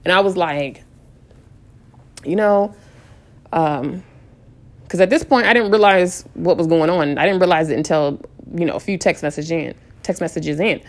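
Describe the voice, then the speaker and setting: A woman telling a casual storytime vlog, animated and full of restarts, repeating "I was like" as she retells a conversation. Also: fairly low pitch, normal speed, pauses often. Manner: frequent restarts and repeated phrases. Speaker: vlogger.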